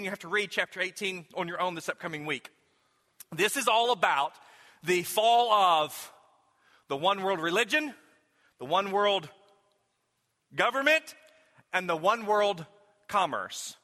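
A man's voice: high-pitched, sharp tone, long reverb tail. A man preaching a sermon as pastor, talking conversationally and posing many rhetorical questions to his congregation. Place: church sanctuary.

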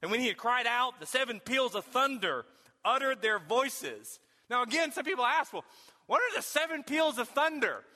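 A man preaching a sermon in a high, bright voice. He swings from folksy storytelling to emphatic, shouted questions. His voice rings out with a long reverb, as if he were in a large hall. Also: very animated, moderate pace. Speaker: pastor.

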